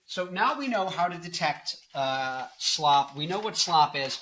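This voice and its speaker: A man's voice: on the high side, lively intonation, measured pace, slight background noise, low-quality recording. A man in his early twenties, a tired rock singer hosting his own channel, talking casually and zanily about music with bursts of mock anger. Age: early 20s. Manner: zany, bursts into loud off-key singing and mock anger. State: tired late in the day.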